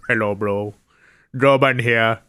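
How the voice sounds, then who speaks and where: A man's voice: mid-range voice, wildly swooping pitch, very slow, pushed and bright, clear, resonant tone, no echo, studio quality, full character voice. A man doing a jokey sing-song tech-support presenter with a put-on Indian accent. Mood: comic.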